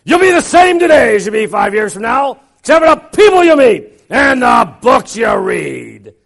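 A man putting on a booming pushy preacher. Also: lively intonation, a little fast. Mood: shouting. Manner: loud and commanding, barking orders. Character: huge booming older male preacher, pushy and brash.

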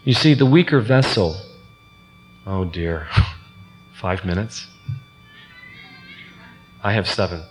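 A man's voice: low voice, expressive, takes it slowly, pauses often, faint music behind. A man giving an earnest, sermon-style personal testimony, acting out the quoted voices as he tells the story. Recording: reverberant hall with faint hum.

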